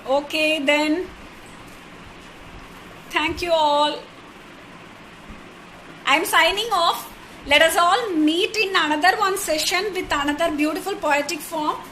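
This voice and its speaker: High-voiced woman teaching slowly. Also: bright, forceful tone, slight background noise, rough recording. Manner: sounds words out syllable by syllable, patient and repetitive; thanks viewers by name with honorifics. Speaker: poetry workshop teacher. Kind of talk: live online workshop lesson.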